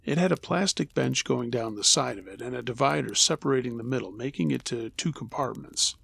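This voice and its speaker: Guy reading creepy true stories, low pitched rough edge, steady and unhurried. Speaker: narrator.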